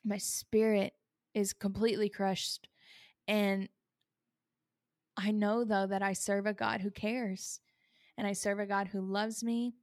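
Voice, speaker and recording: A woman's voice: mid-range voice, flat delivery, slow, pauses often, no room sound, studio quality. A woman hosting a faith podcast, speaking earnestly and confessionally about sorrow, holding back tears. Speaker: podcast host. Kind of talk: personal faith podcast talk.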